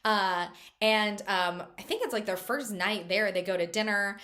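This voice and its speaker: A bubbly woman giving a casual book review, chatty and loose with plenty of filler words. Her voice is bright and sharp. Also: mid-range voice, moderate pace.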